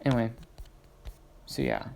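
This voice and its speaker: A man's voice: a little slow, darkish tone, slight background noise. A young man casually reading his own fan-made story aloud, drifting into hesitant, rambling asides. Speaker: fan fiction narrator.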